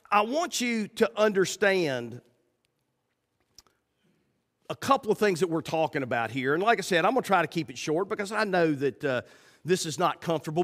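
A man's voice: high-pitched, fairly bright tone. A man preaching a sermon as pastor, talking directly to his congregation and acting out the voices of people in his stories. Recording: long reverb of a hall.

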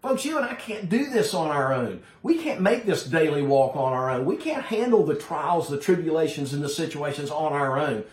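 A man's voice: on the high side, animated, normal speed, hardly any pauses, a little mellow, roomy sound. A man preaching a sermon to his congregation, emphatic and direct, calling his listeners folks. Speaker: pastor.

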